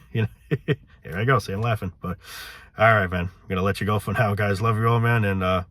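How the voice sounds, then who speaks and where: A man's voice: on the low side, steady tone, brisk, fairly bright tone, no echo. A man hosting his own vlog channel, ranting in a loose, frustrated way, saying "man" often and swearing. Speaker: channel host.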